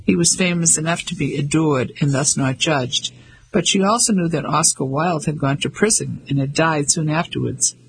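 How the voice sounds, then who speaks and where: A man narrating a novel in an even, measured reading. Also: fairly high pitch, vocal fry, slight background noise, poor audio. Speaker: audiobook narrator. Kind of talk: scripted narration.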